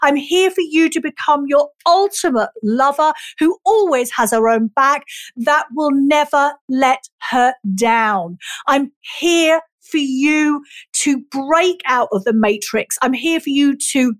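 High-voiced, emphatic woman podcast host. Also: a little slow. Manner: emphatic, repetitive affirmations, swears for emphasis; earnest and emotional. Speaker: podcast host and life coach. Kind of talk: motivational podcast monologue.

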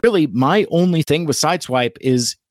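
A man hosting a casual live-stream toy review, talking in a halting, rambling way with many fillers and restarts. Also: on the high side, lively intonation, no echo, clean studio sound.

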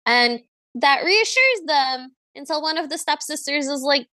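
A woman co-hosting a podcast gives a casual movie recap, wry and chatty, with occasional impressions. She speaks a little slowly in a high, expressive voice with a sharp tone, and the recording has no room sound.

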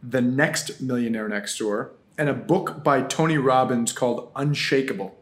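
A male podcast guest answers interview questions casually but earnestly and reflectively, repeating words as he works out what he thinks. His voice is medium in pitch and moderate in pace.

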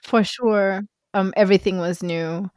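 A woman's voice: medium pitch, fairly even intonation, a little slow, darkish tone, no echo, clean studio sound. A woman hosting a casual podcast interview, asking questions and reacting with short interjections. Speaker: podcast host.

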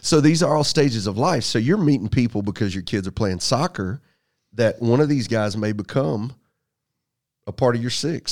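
Man, very deep voice, folksy storyteller, preacherly, casual talk. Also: darkish tone.

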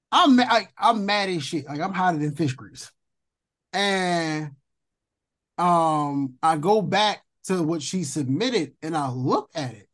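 Young man, co-host; loose, profane, animated storyteller with a somewhat high voice. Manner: animated, profane, jumps high in pitch when indignant. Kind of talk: casual storytelling chat.

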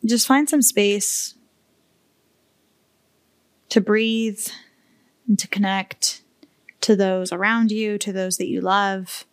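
Woman, podcast host, slow earnest delivery, candid and emotional, casual swearing. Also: medium pitch, fairly even intonation, clean tone, no echo. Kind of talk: heartfelt solo podcast talk.

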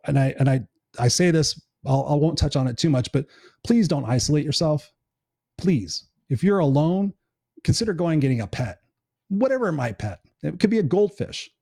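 A middle-aged man talking quickly in an earnest, encouraging live-stream chat. His voice sits a bit high but sounds dark and mellow. The sound is dry and close, with no room around it. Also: dry recording. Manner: earnest, encouraging, swears casually. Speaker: live show host.

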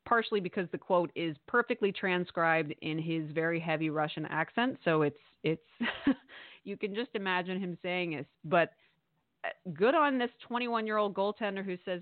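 A woman with a lowish voice co-hosts a sports radio podcast, speaking at a moderate pace in a chatty, amused way full of fillers. It's casual sports commentary, and the recording sounds tinny and phone-like, dry with no echo.

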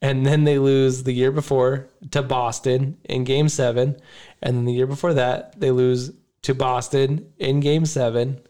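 A man's voice: mid-range voice, little pitch movement, measured pace, dark tone. A man in casual podcast chat, rambling and emotional. He laughs often and keeps circling back to his point in a mid-range voice. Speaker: podcast host.

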